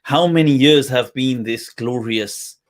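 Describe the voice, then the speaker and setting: A man hosts a casual live-stream meetup at an unhurried pace. His talk is relaxed and drawn out, with a laugh slipping in between phrases. His pitch sits in the middle of a man's range. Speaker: host.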